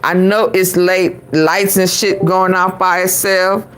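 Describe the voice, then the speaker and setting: A woman's voice: lowish voice, flat delivery, slow pace, poor audio. A woman hosting a vlog, giving blunt, profane commentary over a played clip. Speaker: host. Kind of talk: casual commentary.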